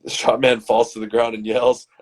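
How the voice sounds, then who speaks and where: A man from Canada, hosting and reading his comedy scripts aloud in a dramatic, animated way. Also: medium pitch, normal speed. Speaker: host and scriptwriter.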